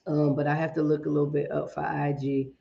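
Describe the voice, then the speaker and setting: A woman's voice: deep voice, flat delivery, fairly quick, gravelly, warm tone, muffled recording, slight background noise. A woman hosting a casual livestream, chatting with viewers and greeting them one by one, her voice a little shaky. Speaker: livestream host. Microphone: iPad and phone at arm's length.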